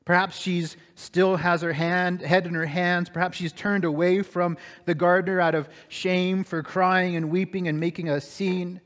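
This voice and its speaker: High-voiced man preaching in a reverberant hall. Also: level tone, normal speed, few pauses. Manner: dramatic storytelling, swinging between hushed and raised. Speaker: pastor. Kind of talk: sermon.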